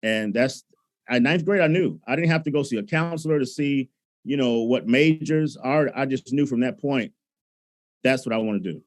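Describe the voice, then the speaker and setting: A man from Alabama, a choral conductor telling stories in a lively, conversational way. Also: mid-range voice, normal speed. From Alabama, USA. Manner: animated storyteller, acts out his own past thoughts. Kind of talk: conversational storytelling.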